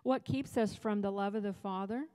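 A woman's voice: mid-range voice, normal speed, warm tone, big-room sound. A woman preaching at a women's retreat, talking to the crowd in a loose, joking way. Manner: conversational, humorous preaching with asides. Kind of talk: sermon. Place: church hall.

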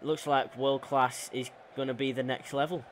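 A man's voice: mid-range voice, steady tone, normal speed. A young man giving casual, rambling commentary over his own gameplay as a channel host, with plenty of fillers and self-corrections.

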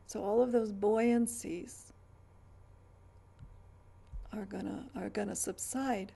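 A woman's voice: mid-range voice, fairly even intonation, slow pace, creaky, mellow, slight background noise. A middle-aged woman vlogging in a rambling, chatty way, with stammered restarts and trailing asides. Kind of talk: rambling casual chat.

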